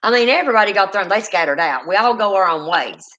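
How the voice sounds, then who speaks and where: A woman, a paranormal investigator hosting a casual chat, telling lively stories, acting out quotes and swearing freely. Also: medium pitch, fast talker, highs cut off. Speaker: paranormal investigator and channel host.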